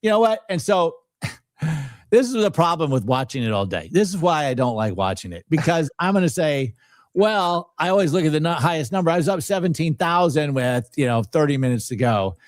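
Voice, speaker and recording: A man co-hosting a live trading stream, excitably calling out prices and countdowns. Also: on the high side, fairly quick, no room sound. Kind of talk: live market commentary.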